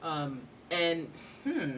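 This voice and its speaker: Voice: medium pitch, very animated, very slow, distant mic, noisy background. A tarot reader giving a casual, rambling reading with playful asides.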